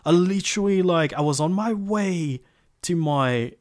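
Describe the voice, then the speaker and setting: A young man in casual chat about a video game, rambling in a relaxed way with many fillers. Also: high voice, unhurried.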